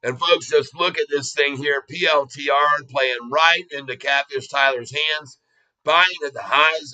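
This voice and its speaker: A man hosting a casual livestream, commenting on his trades with excitable bursts of cheering. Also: on the high side, a little slow, low-quality recording.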